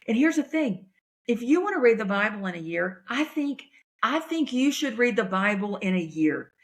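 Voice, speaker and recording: Woman, comedian, casual chat, folksy, animated, mid pitch. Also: fairly quick. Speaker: comedian and podcast host.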